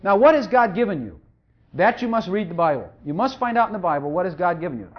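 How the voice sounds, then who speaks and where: A pastor preaching a sermon, emphatic and repetitive, hammering each point home and sometimes mumbling quietly while looking something up. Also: medium pitch, animated, fast. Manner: drops to quiet mumbling when searching for a verse. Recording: dull lo-fi recording.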